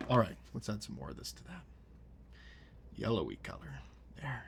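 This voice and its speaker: A man hosting a relaxed painting tutorial, talking through each brushstroke and often sinking to a near whisper as he works. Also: on the low side, moderate pace, vocal fry, slight background noise. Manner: soft-spoken, often dropping to a near whisper while working. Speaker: painting show host.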